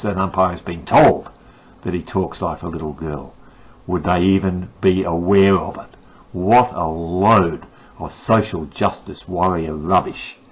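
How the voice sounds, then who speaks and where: Older man, deep and husky, indignant sarcastic ranter. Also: poor audio. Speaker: commentator. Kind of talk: ranting opinion monologue.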